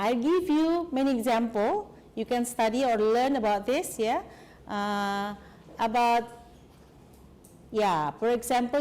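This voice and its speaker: A woman's voice: on the high side, a little mellow. A woman lecturer with an Indonesian accent teaching English in a classroom, switching between English and Indonesian as she drills her students on phrases.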